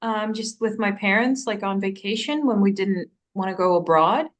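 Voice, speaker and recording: A young adult woman co-hosting a casual bookstore chat, easygoing and quick to laugh. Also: mid-range voice. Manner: easygoing, quick to laugh, reads a recommendation aloud. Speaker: bookstore staff co-host.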